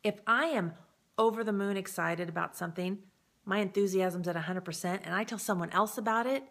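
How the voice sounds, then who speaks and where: A woman's voice: medium pitch, fairly quick, fairly bright tone. A woman giving an upbeat, casual sales training talk, chatting straight to the viewer and often checking in with them. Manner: upbeat and encouraging. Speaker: direct-sales presenter.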